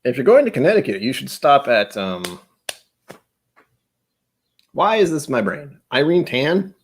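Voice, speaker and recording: A man's voice: medium pitch, very animated, unhurried, a little hiss or hum. A man hosting a casual livestream, rambling and chatty with frequent laughs, his voice a bit tired. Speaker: livestream host.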